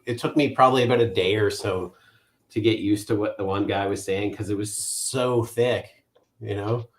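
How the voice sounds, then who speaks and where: A man from Canada chatting casually, relaxed and a little hesitant. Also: fairly low pitch, normal speed. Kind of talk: casual chat.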